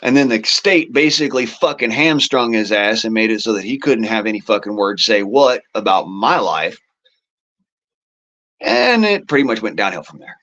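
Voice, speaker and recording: A man's voice: fairly low pitch, animated, moderate pace, a bit bright, muffled recording. A man hosting a casual political monologue, talking in a rambling, profane way with folksy turns of phrase. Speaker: show host.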